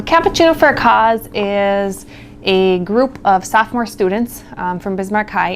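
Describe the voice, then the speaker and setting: A woman's voice: medium pitch, slight background noise. Casual woman with frequent ums. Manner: casual, hesitant, many ums. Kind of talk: interview.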